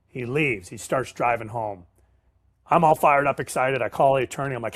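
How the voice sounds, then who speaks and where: A man's voice: medium pitch, a little fast, no room sound. A middle-aged man, a sales professional guest, telling stories casually and acting out the dialogue. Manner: animated storyteller, acts out dialogue, casual slang. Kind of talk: casual storytelling interview.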